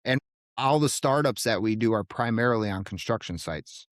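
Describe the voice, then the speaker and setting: A man, a guest on a podcast, telling stories in casual chat with quick bursts and jumps in pitch. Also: animated, dry recording, clean studio sound. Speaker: podcast guest, HVAC technician.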